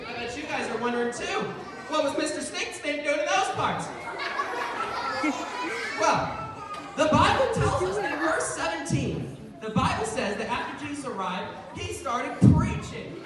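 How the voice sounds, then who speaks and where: A young man gives a comic devotion to a room of children, playful and often laughing. His lively voice bounces around a large hall with a long echo, picked up from a distance over crowd noise. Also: very high-pitched, moderate pace. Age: young adult. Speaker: youth devotion speaker. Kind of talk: comic youth sermon. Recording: echoey hall from far off. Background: children's audience and room noise.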